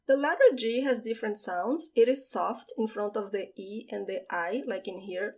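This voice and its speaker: A woman with a Brazilian Portuguese accent, a native Portuguese speaker, teaching vocabulary and saying each word slowly and clearly before explaining it. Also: mid-range voice, a little mellow. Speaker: language teacher. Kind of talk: vocabulary lesson with slow pronunciation drills.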